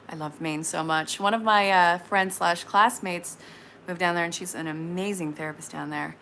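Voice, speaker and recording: A woman in her late thirties giving casual tarot readings on a live stream, chatty and frank with quick asides. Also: lowish voice, steady tone, fairly bright tone, slight background noise. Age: 30s.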